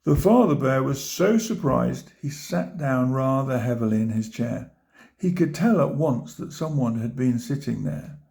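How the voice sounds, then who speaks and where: Older-sounding guy reading a kids' book real slow, gravelly mellow voice. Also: mid-range voice, expressive. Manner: gentle, pointing out pictures to listeners. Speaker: storybook reader. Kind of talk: reading a children's book aloud.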